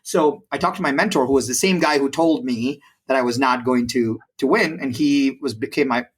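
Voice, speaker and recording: A man in his forties from India, a podcast guest telling stories in an animated conversational way, with frequent fillers and restarts. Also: mid-range voice, moderate pace, breathy edge. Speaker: podcast guest, brokerage president. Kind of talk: conversational storytelling.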